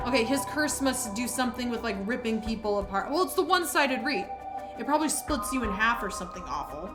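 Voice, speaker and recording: A woman's voice: fairly high pitch, animated, quick pace. Reactive woman streamer over music. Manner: reactive, exclaiming. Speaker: let's play streamer. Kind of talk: casual game commentary. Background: background music.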